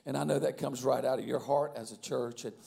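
A male guest pastor, hoarse from losing his voice, opening a sermon in a folksy, chatty way. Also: mid-range voice, fairly even intonation, a little fast, dark tone. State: hoarse, lost voice.

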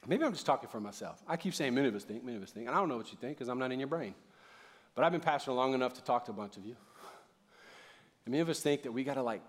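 A middle-aged male pastor preaching a sermon in a lively, conversational way, calling on the audience to respond. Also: mid-range voice. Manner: casual, conversational asides.

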